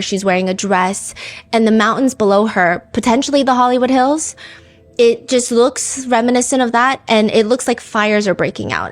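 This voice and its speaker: A woman hosting a podcast, telling a true-crime story in a casual, chatty way, full of "like" and "you know.". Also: medium pitch. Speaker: podcast host.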